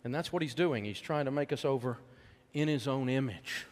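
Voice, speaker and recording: At a moderate pace and mid-range pitch, a middle-aged American man preaches in a hall with folksy warmth. His storytelling sermon on faith and money is emotional, alternating between loud exhortation and hushed softness.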